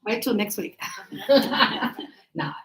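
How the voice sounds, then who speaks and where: A woman's voice: fairly high pitch, lively intonation, very slow. A woman teaching an English grammar lesson to a class, explaining patiently with examples and encouraging her students. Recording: echoey classroom sound.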